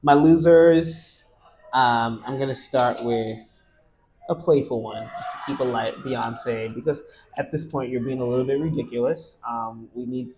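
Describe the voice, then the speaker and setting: A man's voice: medium pitch, expressive, measured pace, a little mellow, slight background noise. Teasing man podcast co-host. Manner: teasing, questioning, laughs often. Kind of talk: casual chat.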